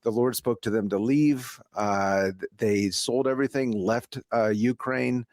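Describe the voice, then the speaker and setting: A man's voice: medium pitch, a little slow, a little mellow, dry recording, clean studio sound. A man hosting a talk show, introducing his guest and recapping the story with many hesitations and light laughs. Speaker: radio talk host. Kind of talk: radio interview hosting.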